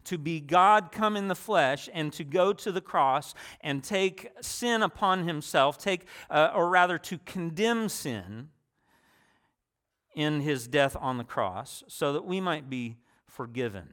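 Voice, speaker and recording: A man's voice: on the high side, fairly bright tone. Man preaching in a conversational sermon. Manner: conversational, with restarts and asides.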